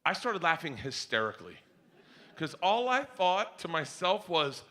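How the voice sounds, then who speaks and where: A middle-aged man doing stand-up storytelling, animated, jumping between high excited yelps and low gruff impressions. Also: measured pace, in a large hall. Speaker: stand-up comedian. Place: comedy club stage. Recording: live club with audience noise.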